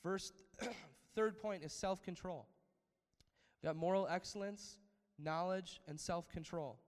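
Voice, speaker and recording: Man preaching, sermon, asks for amens, fairly high voice, long church-hall reverb. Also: slow pace. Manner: preaching with call-outs for amen, rising to emphatic peaks. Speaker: pastor.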